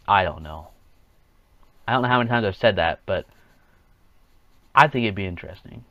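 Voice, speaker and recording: A man's voice: lowish voice, brisk, pauses often, dry recording, highs cut off. A man hosting a casual solo podcast, rambling along, chuckling at his own jokes and acting out quotes in offhand voices. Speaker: podcast host.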